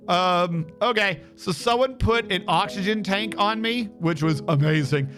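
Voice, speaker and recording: Man, streamer, high voice, casual storytelling, animated, swearing, acts out quotes, faint background music. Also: moderate pace, few pauses.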